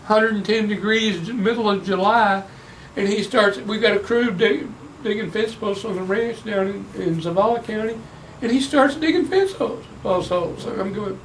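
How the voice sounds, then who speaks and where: A man's voice: high voice, moderate pace. An older man, an interviewee telling rambling family stories for an oral history, with many restarts. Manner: rambling, animated storyteller with frequent restarts. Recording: distant mic with faint background noise.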